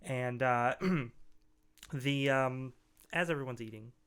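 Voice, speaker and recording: Man, game master, tabletop narration, chatty, smooth voice. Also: medium pitch, takes it slowly, a bit bright. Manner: chatty, laughs often, many fillers.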